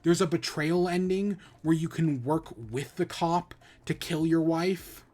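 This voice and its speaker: A man on a podcast retelling a game's plot in a loose, rambling way. He swears freely and stumbles through restarts. His voice sits a bit high for a man. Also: a little slow. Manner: rambling, profane, animated retelling with many restarts. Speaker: podcast host. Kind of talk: casual spoilery game review.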